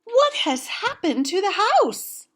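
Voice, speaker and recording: A woman voicing an excitable, mixed-up young housekeeper in a storybook read-aloud, with high, loud exclamations. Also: slow, exaggerated voice. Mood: alarmed.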